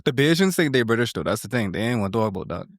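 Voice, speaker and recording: A man's voice: mid-range voice, racing, no room sound. Joking man, dry mic. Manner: animated, joking, slangy Caribbean speech. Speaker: podcast co-host. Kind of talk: casual chat.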